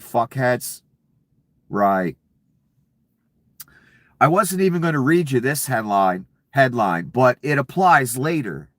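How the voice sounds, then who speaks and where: A man's voice: medium pitch, fairly bright tone, dry recording. Guy ranting angry and sweary, sarcastic, dry close sound. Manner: profane, furious, sarcastic. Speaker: political commentator. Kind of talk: angry political rant.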